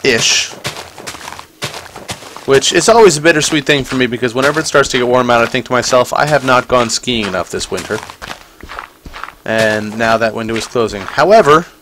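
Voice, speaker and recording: A man's voice: mid-range voice, normal speed, pauses often, a bit bright, slight background noise. A man casually commenting as he plays a video game, chatty and playful, talking to the creatures on screen. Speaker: gaming channel host. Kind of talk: casual let's-play commentary.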